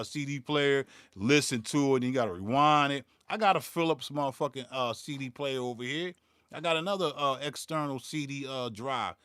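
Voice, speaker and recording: A man's voice: medium pitch, a bit bright, clean tone, no echo, clean studio sound. A man, hosting his own beatmaking channel and ranting in a profane, heated way, stumbling and repeating words as he gets worked up. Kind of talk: livestream rant.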